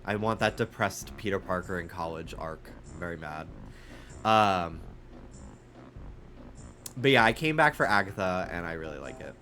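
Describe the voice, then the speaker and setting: A man's voice: low voice, moderate pace, long pauses, music in the background. A young man with a faint New York accent, a streamer chatting casually and rambling with his live chat, full of fillers. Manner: rambling, animated, frequent fillers.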